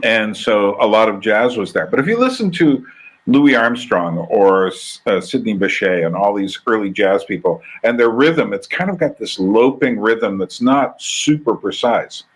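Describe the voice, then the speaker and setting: A man's voice: lowish voice, expressive, moderate pace, husky, rough recording. A man hosting a casual conversation, talking in a rambling, thoughtful way and often restarting his sentences. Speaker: podcast host. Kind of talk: casual conversation reacting to a video.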